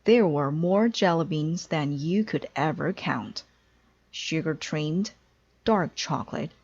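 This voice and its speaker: A woman reading a children's storybook aloud in a clear, deliberate storytelling way. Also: low voice, highs cut off. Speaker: storybook reader. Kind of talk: children's read-aloud narration.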